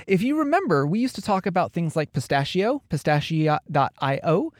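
A man co-hosting a casual podcast, animated and teasing, with quick asides. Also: on the high side, no echo, studio quality. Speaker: podcast co-host.

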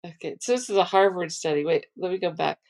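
A middle-aged woman co-hosting a casual podcast, her voice low and full of gravelly fry. She reads things out with a dry, sarcastic twist and chats loosely with her partner. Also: fairly even intonation, quick pace, darkish tone. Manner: sarcastic, reads phrases with mock inflection. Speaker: podcast co-host. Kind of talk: casual chat.

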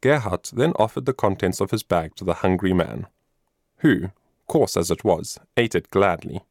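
Low-voiced man reading a storybook. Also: moderate pace, darkish tone, dry recording, studio quality. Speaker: narrator.

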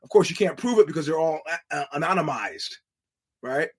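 A middle-aged American man hosts his own show, spinning loose, profane anecdotes and breaking into laughter along the way. His voice sits a little high for a man, and he talks in a casual monologue. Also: expressive, brisk, slightly rough. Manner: rambling, profane, laughing storyteller. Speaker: podcast host.

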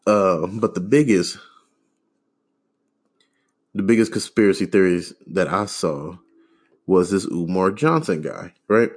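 A man with a very deep, low voice rants on his own podcast. He rambles and swears freely, stumbling over fillers and breaking into scoffing laughs. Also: lively intonation, takes it slowly, long pauses. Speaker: podcast host. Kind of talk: casual solo rant.

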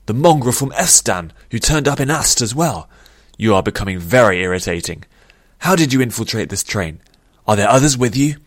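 A man voicing a cruel male army general who snarls and booms with contempt. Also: a little fast, hardly any pauses, a bit bright, no echo, studio quality. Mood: snarling.

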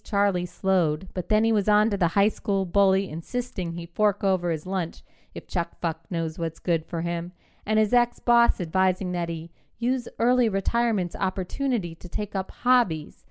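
Smooth-voiced woman reading literary fiction. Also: medium pitch, a little mellow. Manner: measured, clipped storytelling phrasing. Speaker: short story reader.

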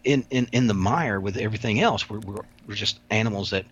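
A man's voice: fairly low pitch, a little fast, slightly rough. A man, a former prison officer, telling stories as an interview guest in a rambling way, repeating words, on a dull lo-fi recording. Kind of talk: casual interview storytelling. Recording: dull lo-fi sound.

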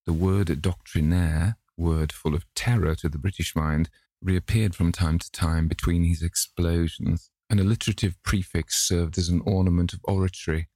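Deep, gravelly male narrator. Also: steady tone, normal speed, darkish tone, no room sound. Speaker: audiobook narrator. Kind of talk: scripted narration.

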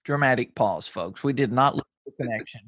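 A man hosting a podcast interview, asking curious, deliberate questions in a reflective way. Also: mid-range voice, a bit bright, no echo, dull audio. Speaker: podcast host. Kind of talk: conversational interview.

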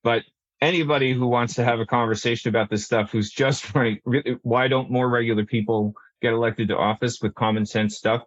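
A man's voice: medium pitch, fairly even intonation, fairly quick, no echo, dull audio. A man talking through a policy discussion, rambling with many restarts and fillers. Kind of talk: casual panel discussion.

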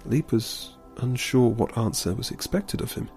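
A man reading a story aloud in a calm, steady storybook narration. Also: medium pitch, moderate pace, soft background music.

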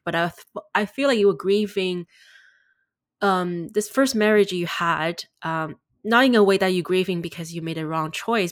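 A woman host with a slightly low voice asks her guest questions gently and tentatively. Her voice sounds dry and close, with no room echo. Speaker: podcast host. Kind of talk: interview questions.

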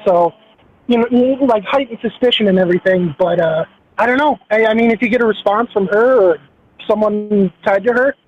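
A male caller talks in a high voice, casual and hesitant, with plenty of fillers. His voice comes through a dull, muffled phone line with a faint hiss. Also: brisk. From Minneapolis area. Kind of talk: phone-in conversation.

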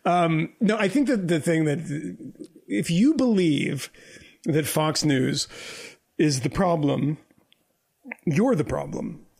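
A man's voice: a little high, slow pace, creaky, pauses often, darkish tone, slightly rough. A man co-hosting a podcast, ranting in a heated and profane way and throwing in mocking quoted voices. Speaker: podcast co-host. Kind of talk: heated political podcast rant.

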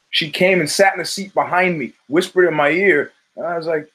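A man's voice: on the high side, brisk, hardly any pauses, a bit bright, rough recording. A middle-aged man hosting a podcast, rambling through profane stories with many restarts. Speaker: podcast host. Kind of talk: casual monologue.

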